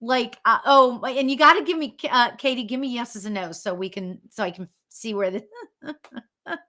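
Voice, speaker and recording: Woman medium, high and bright, gushing and rambling through a live reading. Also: moderate pace. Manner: chatty, excitable, full of fillers and restarts. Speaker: psychic medium. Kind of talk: live spirit reading for viewers.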